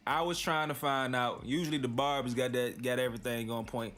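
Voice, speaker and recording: A man's voice: medium pitch, fairly even intonation, fairly quick, few pauses, fairly bright tone, faint music behind. A man hosting a commentary channel, reading posts aloud and reacting in loose, slangy casual talk. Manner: reads tweets aloud then reacts, slangy.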